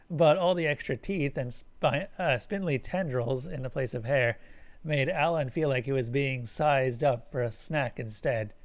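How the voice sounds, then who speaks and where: A man reading a science-fiction story aloud on a live stream, catching his slips and correcting himself as he goes. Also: medium pitch. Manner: reads with slips and self-corrections.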